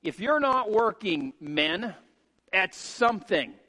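A middle-aged man preaching a sermon as a pastor, emphatic and rising to shouts on key points. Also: sits high, big pitch swings, takes it slowly. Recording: long hall reverb.

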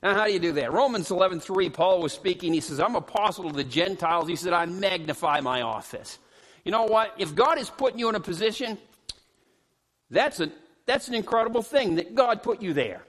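High-voiced man preaching, hollering. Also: a little fast. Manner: animated, jokes with the congregation, hollers. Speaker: pastor. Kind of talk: sermon. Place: church sanctuary. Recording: long hall reverb.

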